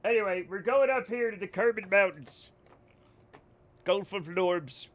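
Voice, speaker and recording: A man streaming live gameplay, chatting to his viewers in an excitable, joking way, swearing and laughing often. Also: sits high, a little slow.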